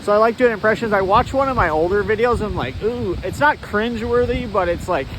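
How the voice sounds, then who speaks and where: A man rambles through a loose monologue while walking outdoors, full of asides. His voice sits high for a man. A faint wind hiss touches the handheld phone mic. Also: a little fast. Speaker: vlogger.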